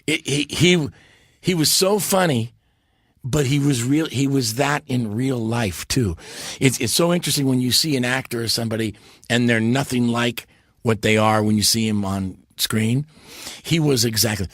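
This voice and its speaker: A man, a podcast guest, telling stories in a lively, animated way and slipping into character voices. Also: medium pitch, normal speed, dry recording, studio quality. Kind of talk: casual interview storytelling.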